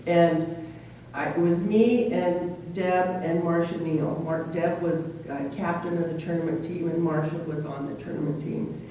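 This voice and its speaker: A woman in her sixties, a former player on a panel, telling an old story in an animated way. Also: fairly low pitch, unhurried, slight background noise. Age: 60s. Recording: echoey hall from far off.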